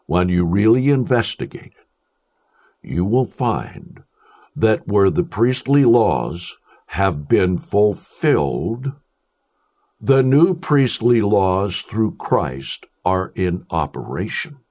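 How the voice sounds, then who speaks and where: Emphatic male preacher, lively pitch. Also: slow pace. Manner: emphatic, declaiming with swings in pitch and pace. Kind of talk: sermon.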